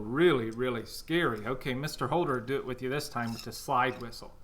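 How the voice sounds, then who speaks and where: A man's voice: mid-range voice, brisk, hardly any pauses, a bit bright, a little hiss or hum. A man teaching a children's music class, counting down and cheering the kids on.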